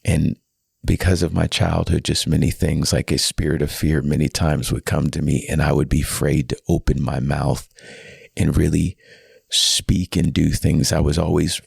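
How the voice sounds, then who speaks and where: A pastor in his thirties speaks with an exceptionally deep voice that has a heavy fry. The tone is husky and rough around the edges. He tells his story earnestly and from the heart, on a podcast mic. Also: little pitch movement, normal speed, a little mellow, dry recording, studio quality. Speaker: guest pastor. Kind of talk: candid personal testimony.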